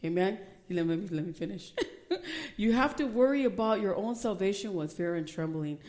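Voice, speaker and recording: A middle-aged woman preaching a sermon, reading scripture aloud and rising to loud, emphatic calls. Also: medium pitch, lively intonation, normal speed.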